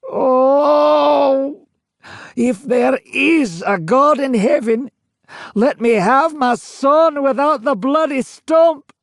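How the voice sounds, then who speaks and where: The grief-stricken ghost of an old man wails and shouts in high, strained cries, as a man puts him on. He draws his anguished calls out slowly, heavy with a century of pain. The sound is dry and close. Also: no echo, exaggerated voice.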